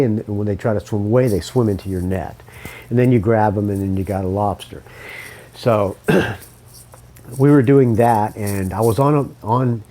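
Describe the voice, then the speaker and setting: Podcast host, man, low mellow voice, loose rambling storyteller who swears and keeps coughing. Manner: rambling, swearing, self-correcting. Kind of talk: casual storytelling monologue.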